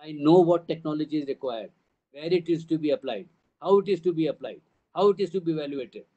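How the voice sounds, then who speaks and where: Older Indian English man, high voice, speaking emphatically to parents at a town hall, stacking points in repeated phrases. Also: quick pace, dark tone, lo-fi sound. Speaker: school trust CEO addressing parents.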